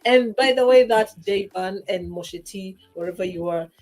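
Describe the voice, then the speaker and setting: A woman's voice: mid-range voice, normal speed, darkish tone. A woman speaking as a livestream guest, effusive and emotional, laughing often and using many fillers in casual chat. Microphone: remote streaming call.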